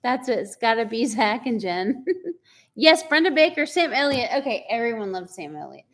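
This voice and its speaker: A woman's voice: a little high, big pitch swings, normal speed, fairly bright tone. A woman in her forties hosting a casual live chat, talking chattily, laughing often and reading out viewer comments. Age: 40s. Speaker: livestream host.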